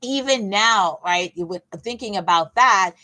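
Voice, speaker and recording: A woman coach leading a casual Bible teaching session, talking in a lively, conversational way with emphatic repeats and playful asides. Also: medium pitch, measured pace, poor audio. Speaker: fitness coach and faith session leader.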